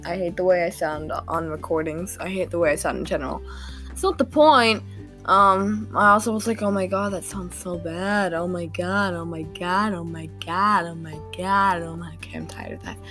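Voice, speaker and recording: A teenage girl chatting alone on her podcast about her day, rambling and poking fun at herself between giggles. Her voice sits a little low for a girl. Soft music plays faintly behind her. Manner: rambling, self-deprecating, giggly. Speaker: podcast host. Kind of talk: casual diary-style monologue.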